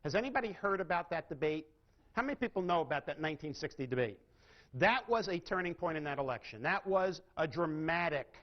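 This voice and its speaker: A man giving a live sales training lecture, asking his audience questions and changing his emphasis and pace. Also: fairly high pitch. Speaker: seminar speaker. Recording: dull lo-fi recording.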